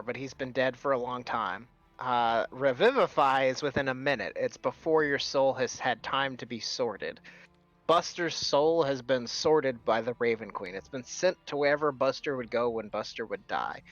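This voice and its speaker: A man's voice: mid-range voice, normal speed, a bit bright, dry recording. A man narrating as game master of a tabletop role-playing game, drawing out his words as he describes scenes and explains rules. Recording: dull lo-fi sound with faint music.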